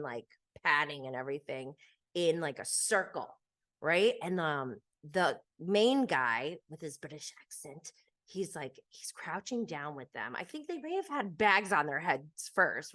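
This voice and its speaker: A woman's voice: fairly low pitch, a bit bright. A woman hosting a podcast, chatting casually and animatedly about reality TV, laughing often and leaning on fillers. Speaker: podcast host. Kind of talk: casual chat recapping reality TV.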